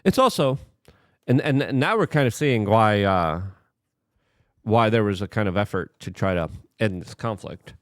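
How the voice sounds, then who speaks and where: A man's voice: on the low side, animated, normal speed, no room sound, clean studio sound. A man giving heated, sarcastic political commentary and talking straight to the viewer.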